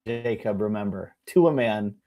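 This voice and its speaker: A young man co-hosting a casual chat show, an animated storyteller who acts out the people in his stories. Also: on the low side, measured pace. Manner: animated storyteller, mimics people with shouts and laughs. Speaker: podcast co-host.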